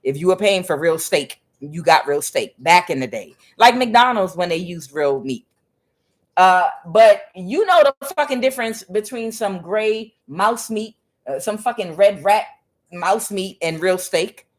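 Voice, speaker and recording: A woman's voice: on the low side, lively intonation, unhurried. A woman giving a casual tarot reading, talking in a chatty, profane way with many fillers and calling the listener honey and child. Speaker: tarot reader.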